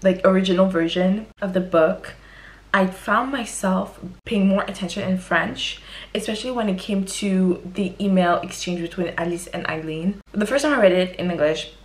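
A young woman talking casually to camera about books, chatty and expressive, with quick exaggerated exclamations. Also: mid-range voice. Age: young adult. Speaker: book vlogger. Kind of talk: casual book review monologue.

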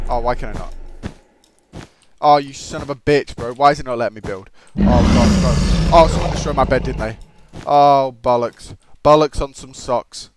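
An excitable Australian man giving gameplay commentary, swearing and swinging between shouted outbursts and low muttering. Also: moderate pace, a little hiss or hum. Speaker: gaming commentator.

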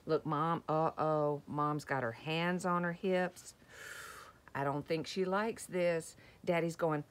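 Soft lower-voiced lady doing story time for kids, slow and gentle, points out the pictures. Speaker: children's story time reader. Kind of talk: reading a picture book to young children.

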